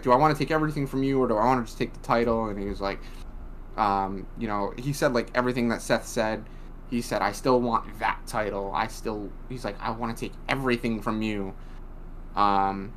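A man's voice: lowish voice, fairly bright tone. Brief: young male co-host, blunt and profane, rambling casual recap, faint background hum. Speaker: podcast co-host. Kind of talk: casual wrestling recap chat.

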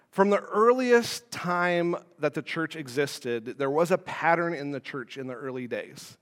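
A man's voice: on the high side, lively intonation, unhurried, hardly any pauses, long reverb tail. A man preaching a sermon as pastor, playful and joking between scripture readings. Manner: playful, jokey asides.

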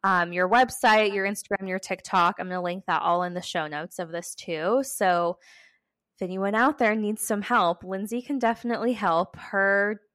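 A woman's voice: mid-range voice, moderate pace, dry recording. Young woman hosting her podcast, super enthusiastic, very dry close sound. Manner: warm, enthusiastic, frequent "wow" and laughs. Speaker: podcast host. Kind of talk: casual chat.

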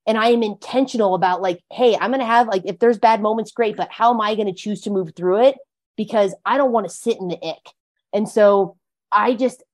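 A woman's voice: a little high, darkish tone. A woman guest talking earnestly about recovery, leaning on frequent "like" fillers as she goes. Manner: earnest, heavy use of "like" fillers. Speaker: podcast guest. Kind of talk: casual conversation about recovery.

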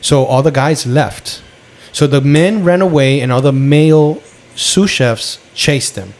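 A man co-hosting a podcast, debating a film in casual chat, animated and full of restarts. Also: fairly high pitch, measured pace. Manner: animated, argues his point with frequent restarts. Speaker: podcast co-host.

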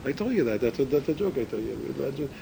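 Male torah teacher, middle pitch, conversational, rhetorical questions, faint noise. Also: sing-song, fast, vocal fry, dark tone, poor audio. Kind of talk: religious ethics class.

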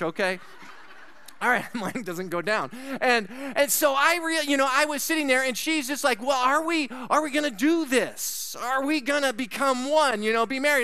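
A man preaching a sermon, telling a personal story with asides to the congregation and swinging from loud to hushed. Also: very high-pitched, clean tone, no room sound. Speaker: pastor.

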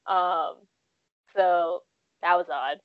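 A woman's voice: lowish voice, fairly even intonation, extremely slow, no echo, highs cut off. A woman in her twenties telling stories casually in an interview, with lots of "like" and "um" fillers. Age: 20s. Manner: chatty, frequent "like" and "um" fillers. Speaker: guest.

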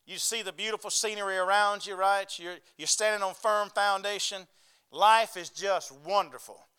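Speaking at a normal speed, this pastor has a high, bright voice that is forceful, clear, and resonant. His sermon is folksy, and he keeps asking the congregation "right?" and calling for amens.

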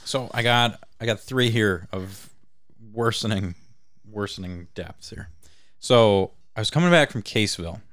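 Lowish guy cohost, chill reactions, dry close recording. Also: a little slow, fairly bright tone, no echo. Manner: short reactions, then laid-back storytelling. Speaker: podcast co-host. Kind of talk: casual chat.

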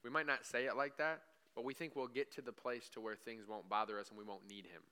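This male pastor talks fast, his medium-pitched voice smooth, pushed, and bright, with fairly even intonation. Preaching conversationally in church, he keeps asking "right?" and performs brief imagined exchanges with God.

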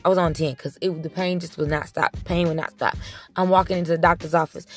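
A woman's voice: lowish voice, fast, faint music behind. A young adult woman telling her viewers a story in a casual, emphatic way, talking straight to them. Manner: emphatic and animated, talks straight to the audience.

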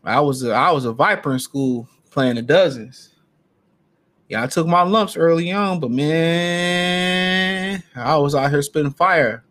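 A man's voice: a little high, a little slow, fairly bright tone. A man hosting a solo podcast, ranting casually with brash, profane trash talk. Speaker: podcast host.

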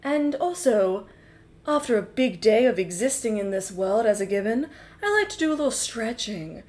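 A woman voicing a wise male gibbon in improvised comedy, giving slow, soothing advice. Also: a little high, animated, darkish tone, lightly acted. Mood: calm. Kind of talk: improvised comedy role-play.

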